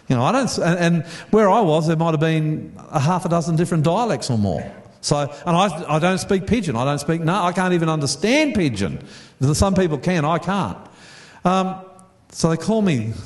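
A man's voice: a little high, reverberant. A middle-aged Australian man preaching a sermon to a congregation, chatty, repeating words and putting questions to the audience. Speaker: pastor. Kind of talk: storytelling sermon.

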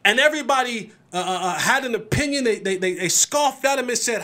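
A man hosting a sports podcast, talking in an animated, emphatic way, repeating words as he builds his points. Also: very high voice, fast, hardly any pauses. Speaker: podcast host.

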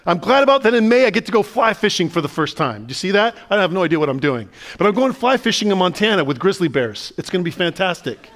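A man, the pastor, preaching a sermon in a conversational, animated way and asking the listeners lots of questions. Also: high voice, fast talker, few pauses. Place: church sanctuary.

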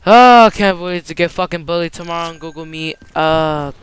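A man giving profane, excitable commentary over a video game, slipping into Spanish slang, on a cheap headset mic. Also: on the high side, normal speed, clear, resonant tone. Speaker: gamer. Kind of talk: gameplay commentary.

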